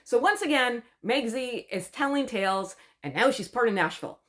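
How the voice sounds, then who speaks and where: A woman's voice: mid-range voice, expressive, fairly quick, few pauses. A woman from Canada giving a gossipy, sarcastic recap of a TV show, chatty and mocking. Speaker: commentary vlogger.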